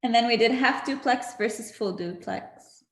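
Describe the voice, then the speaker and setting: A woman's voice: on the high side, normal speed, reverberant. A woman hosting a casual livestream, chatty and laughing often with lots of fillers. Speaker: livestream host. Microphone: video call.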